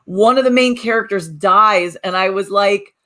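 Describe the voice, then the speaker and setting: A woman co-hosting a talk podcast in an animated, casual chat, often restarting her sentences. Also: medium pitch, normal speed. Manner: animated, repeats words when restarting. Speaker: podcast co-host.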